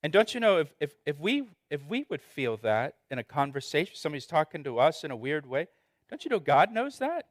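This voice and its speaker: A man's voice: a little high, very animated, brisk, no echo, clean studio sound. A man preaching an expository sermon as pastor, earnest and conversational, often restarting and repeating words.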